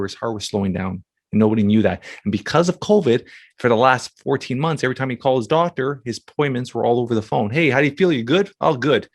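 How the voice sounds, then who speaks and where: A man hosting a podcast who speaks in a halting, emotional way, restarting often as he talks about family. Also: mid-range voice, dry recording. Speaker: podcast host. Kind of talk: casual conversation.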